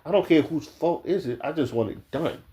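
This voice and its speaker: A man's voice: fairly high pitch, a little fast, dark tone. A man giving casual opinion commentary straight to his viewers, blunt and profane, full of restarts and "like". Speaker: video commentator.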